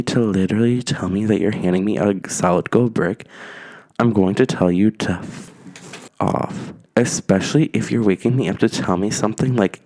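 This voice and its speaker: A man in whispered role-play, softly retelling a storytime in the first person. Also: lowish voice. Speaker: YouTuber.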